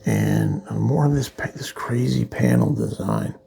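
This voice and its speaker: A man's voice: rumbling low, wildly swooping pitch, measured pace, vocal fry, mellow, husky. A man reviewing a comic book in a loose, rambling way, full of fillers and restarts. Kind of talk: casual comic walkthrough.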